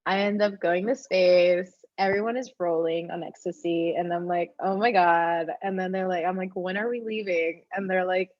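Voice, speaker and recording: A young woman telling the story of her life in casual talk, animated, with a lot of "like", and she acts out the other people. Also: lowish voice, moderate pace, few pauses, dry recording, highs cut off.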